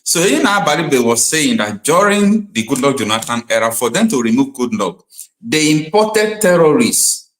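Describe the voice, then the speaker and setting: A man's voice: medium pitch, very animated, moderate pace, fairly bright tone. A man hosting a livestream talk show about politics, speaking emphatically and with pointed questions. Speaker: host. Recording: roomy sound.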